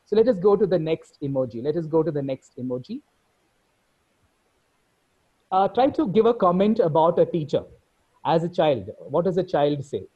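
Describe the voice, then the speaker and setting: A man's voice: fairly high pitch, very animated, brisk, husky. A man with an Indian English accent running an online workshop, reading chat comments aloud one by one over a video call. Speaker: workshop presenter. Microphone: computer mic on a video call. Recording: dull lo-fi video call audio.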